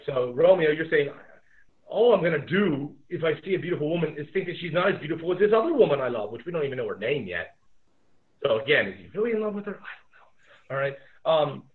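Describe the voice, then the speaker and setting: A man's voice: fairly high pitch, normal speed. Casual male teacher on a tinny line. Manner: relaxed, rambling, many fillers. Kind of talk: remote lesson over video call. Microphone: video call. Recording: tinny phone-like audio.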